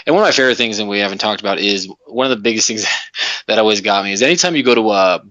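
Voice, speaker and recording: A low-pitched man rants on a casual podcast, passionate and profane, tripping over restarts as he goes. The sound is dull and lo-fi. The room is dry and close. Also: lively intonation, racing, sharp tone, no echo. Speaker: podcast co-host. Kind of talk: ranting casual chat.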